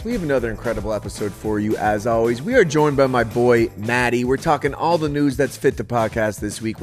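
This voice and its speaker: A man hosting a casual comedy podcast, upbeat and quick, laughing often. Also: mid-range voice. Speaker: podcast host.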